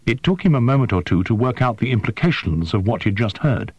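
A man narrating a science-fiction story in a measured, expressive way. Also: mid-range voice, husky, no room sound, lo-fi sound. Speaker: audiobook narrator. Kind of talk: scripted narration.

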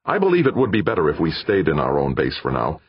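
A man's voice: rumbling low, wildly swooping pitch, fast talker, breathy edge, no echo, lo-fi sound, exaggerated voice. A man voicing a stiff, suspicious male mission doctor who talks curtly and insistently. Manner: curt, insistent, mistrustful.

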